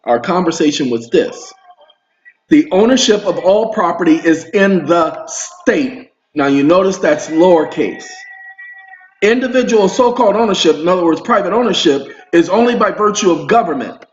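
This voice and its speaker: A man's voice: high voice, expressive, moderate pace. A man hosting an online video, talking to his viewers in a rambling, emphatic monologue. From Southern US roots. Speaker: video host. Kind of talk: casual monologue to camera. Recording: roomy, dull home recording.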